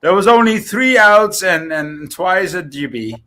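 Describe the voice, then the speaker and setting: Bright, lively, slow-talking man. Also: high-pitched. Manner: animated, laughing. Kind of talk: casual chat.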